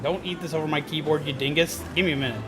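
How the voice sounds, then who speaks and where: A man's voice: on the high side, steady tone, very fast. A man streaming a game in casual, goofy chat, who also talks to his pet bird. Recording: game music playing under the voice.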